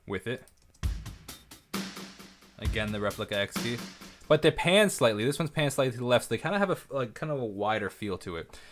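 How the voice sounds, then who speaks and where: A man, a music producer, giving an excitable, casual breakdown of his track, often correcting himself mid-sentence. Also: mid-range voice, a little fast, pauses often. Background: faint music from his session playback.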